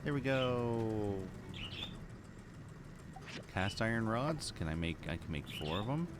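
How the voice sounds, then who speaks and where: A man's voice: lowish voice, very animated, takes it slowly, background noise. A man casually chatting while streaming a game, rambling and restarting his phrases. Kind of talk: casual live-stream chat.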